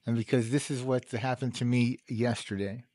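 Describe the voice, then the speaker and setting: A middle-aged man talks through a personal story at his own loose, rambling pace. He laughs often as he goes, and his voice sits at an ordinary pitch. The recording is close and dry, with no room around it. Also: fairly even intonation, normal speed, darkish tone, dry recording. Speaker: host. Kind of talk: casual monologue.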